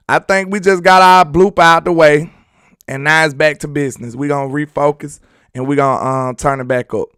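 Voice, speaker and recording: A man's voice: a little high, gravelly, a bit bright, dry recording, studio quality. A man hosting a casual live sports talk stream, rambling loosely, chatting with viewers and laughing often. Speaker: sports talk show host.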